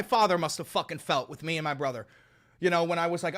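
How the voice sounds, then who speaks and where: A man's voice: on the high side, fast talker, pushed and bright. A man streaming live, ranting at his chat in an exasperated, heavily profane way. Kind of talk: live-stream reaction talk.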